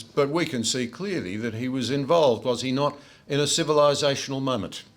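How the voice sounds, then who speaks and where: A man's voice: on the low side, fairly bright tone. An older Australian man giving a speech at a book launch to a room of listeners, telling anecdotes with frequent "uh" fillers. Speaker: guest speaker. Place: room with a live audience.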